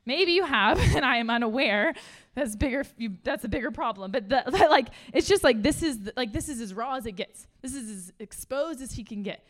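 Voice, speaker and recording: A woman giving a casual, conversational sermon to a room of listeners. She is chatty and animated, laughs often, and says "like" a lot. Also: fairly high pitch, brisk, hardly any pauses. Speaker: speaker at a church gathering.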